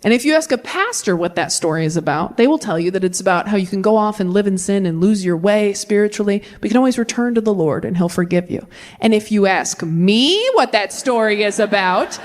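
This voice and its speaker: A woman in her thirties performing a stand-up comedy set, animated and jumping into high, exaggerated voices for the people she quotes. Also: brisk.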